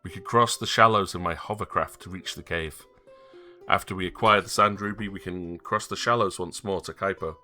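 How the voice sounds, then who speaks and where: A man voicing a young grieving male prince who speaks softly and pleadingly, reading game dialogue aloud. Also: deep voice, moderate pace, soft background music. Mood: earnest. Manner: soft and pleading.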